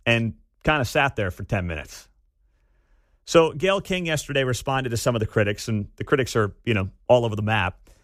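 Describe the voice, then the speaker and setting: A man's voice: medium pitch, no echo, studio quality. A man hosting talk radio, ranting sarcastically and mocking a clip he plays. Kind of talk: opinionated talk radio commentary.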